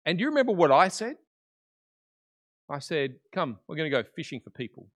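Male preacher as a patient, earnest teacher figure who probes gently; slightly high voice. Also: sing-song, brisk. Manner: earnest, questioning.

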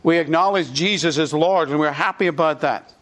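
A man's voice: fairly high pitch, fairly quick, a bit bright. A man delivers a sermon with a slightly raised voice. He teaches in an everyday conversational way and goes back over points so they land. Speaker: preacher.

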